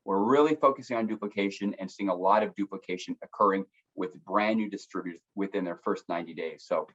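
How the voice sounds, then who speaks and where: A man with a fairly low voice hosts a conference call and sounds excited about the company's promotions. He pauses on fillers as he searches for words. The sound is dull and lo-fi, like a muffled call line. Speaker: company co-founder and call host. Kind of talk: conference call pep talk.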